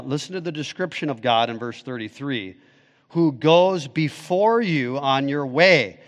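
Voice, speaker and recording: A man preaching a sermon with a somewhat high voice, pressing his points home emphatically. He swings between loud, rising appeals and quiet, low stretches. The sound carries a long reverb, as in a large church hall. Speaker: pastor.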